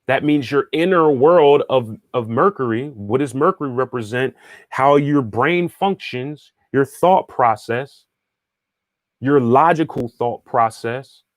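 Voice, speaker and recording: A man talks through a spiritual lesson in a loose, conversational flow, repeating himself and restarting phrases as he thinks aloud. He keeps checking in with the listener as he goes. His voice sits at a middling pitch, and the sound is dry and close. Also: slow pace, no room sound. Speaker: spiritual teacher and astrologer. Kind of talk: casual teaching monologue, answering viewer questions.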